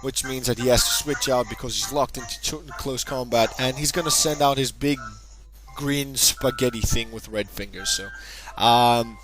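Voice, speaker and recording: A man narrating a game battle in a casual, rambling way, cracking jokes and breaking into excited bursts now and then. His voice sits at an ordinary middle pitch. Background music plays clearly behind him. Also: normal speed, rough recording. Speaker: gaming channel host. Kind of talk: casual battle commentary over gameplay.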